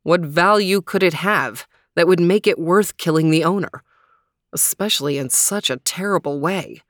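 A woman's voice: lowish voice, moderate pace, dry recording, close to an everyday voice. A woman voicing a blunt, skeptical male dog in a storybook, close to her own voice.

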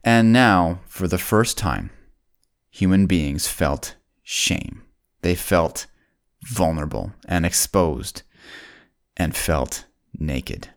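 Deep-voiced man telling kids a Bible story. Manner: folksy, speaks directly to the children as "kidzos"; slows down and drops low on solemn points.

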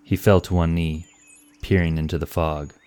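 Deep-voiced male audiobook narrator. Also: flat delivery, a little mellow, smooth, no echo. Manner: measured storytelling.

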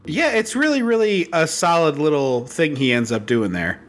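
A man talking casually on a podcast about a movie he has watched. His voice sits a little high for a man, and he speaks in a lively, joking way, with quick asides. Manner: animated, jokey, quick asides. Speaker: podcast co-host.

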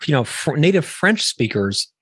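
A man's voice: on the high side, very animated, moderate pace, a bit bright, breathy edge, dry recording, clean studio sound. A man hosting a casual podcast interview, talking in long rambling turns with many restarts. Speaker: podcast host.

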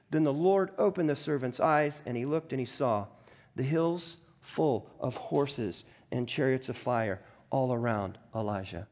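Man, pastor delivering a sermon; mid-range pitch, conversational and animated, frequent throat-clearing. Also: normal speed. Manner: reads scripture aloud and comments in a conversational, animated way.

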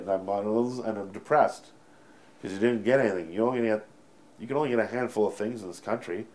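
A man from Canada with a somewhat low voice, telling a long story from his comedy career in a relaxed interview. He rambles and swears freely, and keeps circling back to correct his own dates and details. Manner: rambling, profane, often corrects himself mid-sentence. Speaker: stand-up comedian.

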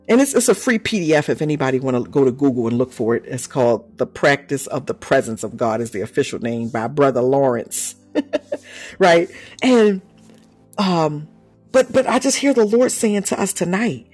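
A woman preaching with a lively, swooping voice that carries a slight huskiness. She talks to her congregation in a casual, animated way, laughing and calling out praise. Soft music plays underneath. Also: lowish voice, breathy edge. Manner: animated and conversational, with laughs and sudden shouts of praise. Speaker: apostle and preacher. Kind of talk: sermon.

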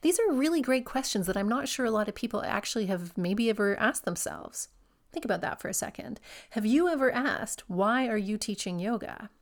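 A woman's voice: a little high, animated, a little fast. A woman in her forties who hosts a podcast for yoga teachers, speaking to the listener in a reflective, encouraging way and often asking them questions. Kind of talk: reflective solo podcast talk.

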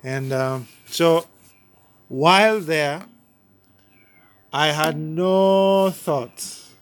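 A man's voice: fairly high pitch, drawn-out words, smooth, no echo. A man from Uganda, a pastor giving his personal testimony in an interview, speaking earnestly and often repeating or restarting his words.

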